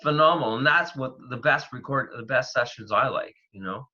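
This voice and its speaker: A man from Canada, a paranormal investigator, talking in a rambling, animated way with lots of fillers. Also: medium pitch, brisk. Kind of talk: casual interview talk. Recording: dull, lo-fi remote audio.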